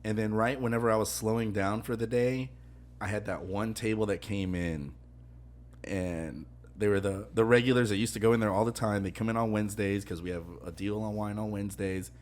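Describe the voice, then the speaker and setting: A young man with a fairly low voice tells a long story from his restaurant shift on a casual podcast. He rambles, laughs often, and goes soft and quiet when he quotes customers. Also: fairly even intonation, brisk. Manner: rambling, laughs often, drops to a hush when quoting people. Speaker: podcast co-host.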